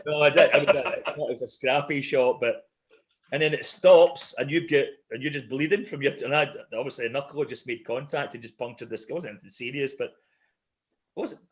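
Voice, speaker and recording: A man's voice: mid-range voice, a little fast. A middle-aged man hosts a casual chat. He tells stories with plenty of energy and breaks into laughter as he goes. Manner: animated storyteller, laughs often. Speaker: podcast host.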